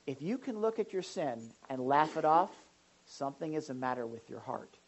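A woman pastor preaching a sermon in an animated way, now and then acting out the voices of people in the pews. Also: deep voice, moderate pace, lo-fi sound. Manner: animated, acts out congregants' voices.

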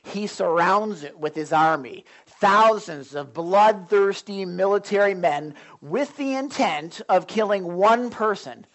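A pastor preaching a sermon, retelling a Bible story in a rambling, animated way. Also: male voice, high-pitched, slow, few pauses.

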